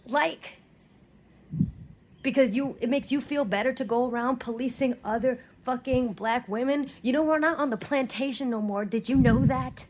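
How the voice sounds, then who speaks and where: A woman's voice: high voice, normal speed, a little mellow. Fiery Southern woman ranting. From Southern United States. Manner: heated, profane, emphatic repetition. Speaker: vlogger. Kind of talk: angry monologue to camera.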